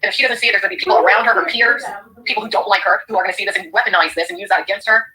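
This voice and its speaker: A woman's voice: medium pitch, fairly even intonation, racing, sharp tone, rough recording. A woman giving indignant reaction commentary on a stream clip, lecturing the viewers.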